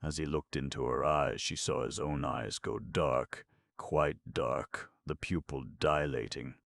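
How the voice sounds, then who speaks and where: Very deep, gravelly male audiobook narrator. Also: fairly even intonation, unhurried, a bit bright. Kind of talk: scripted narration.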